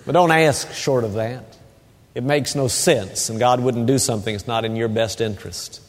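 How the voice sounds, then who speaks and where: Animated male pastor in a reverberant church. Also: medium pitch, moderate pace. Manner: animated storytelling, hushed soothing asides. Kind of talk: sermon. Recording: long reverb of a sanctuary.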